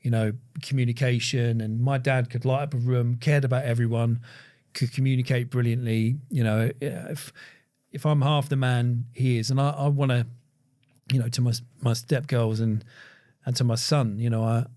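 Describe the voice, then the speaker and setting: A man, a podcast guest speaking reflectively, with many pauses, fillers and restarts. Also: mid-range voice, little pitch movement, warm tone. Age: 40s. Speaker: podcast guest, agency founder. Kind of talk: reflective conversation.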